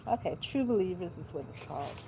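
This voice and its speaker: A woman's voice: on the low side, expressive, fast, gravelly, noisy background. A woman in a casual vlog who reads a children's book aloud and chats between pages, with colloquial, joking asides. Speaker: vlogger. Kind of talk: casual chat and reading aloud.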